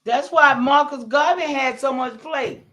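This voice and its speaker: A man hosting a casual livestream chat, animated and calling out viewers by name. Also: very high-pitched, unhurried, no echo. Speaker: livestream host.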